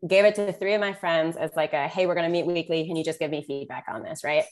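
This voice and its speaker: Lower-voiced woman coach telling stories. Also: quick pace, faint music behind. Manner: storytelling, animated when quoting herself. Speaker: nutrition coach, guest. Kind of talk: casual interview chat.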